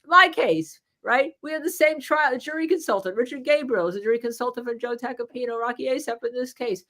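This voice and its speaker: A woman's voice: a little high, fairly quick, a bit bright. A woman with a New Jersey accent hosting a live legal panel over a video call, telling stories animatedly and laughing often. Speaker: legal show host.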